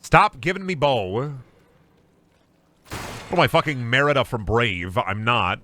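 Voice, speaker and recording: This man's medium-pitched voice is animated and sharp, and he takes his time, with a little hiss or hum underneath. Streaming a game, he reads chat, cracks jokes, curses, and frequently laughs out of exasperation.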